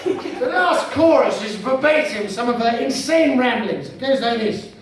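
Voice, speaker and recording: A bumbling, pompous man, performing stand-up and quick to take offence. His voice sits very high and rings out in a very echoey club room. He is picked up from some distance, with clear noise behind him. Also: animated. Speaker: stand-up comedian in character. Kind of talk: stand-up comedy. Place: comedy club stage. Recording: very echoey room from far off, noisy.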